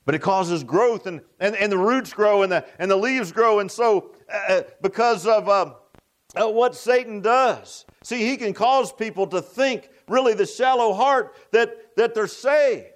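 High-voiced folksy preacher man. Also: a little slow. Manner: folksy, repetitive, with rhetorical "huh?" asides. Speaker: pastor. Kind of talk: sermon.

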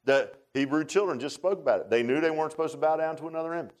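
A male pastor preaching a sermon in an animated, informal way, often repeating words and making joking asides to the congregation. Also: on the high side, racing.

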